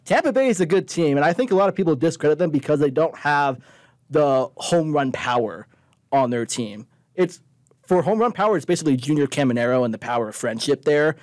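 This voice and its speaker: A man's voice: on the high side, animated, fairly quick, dry recording. A young man co-hosting a sports talk show, arguing earnestly and citing statistics. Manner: stat-heavy, earnest arguing. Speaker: radio show co-host. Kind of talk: casual sports chat.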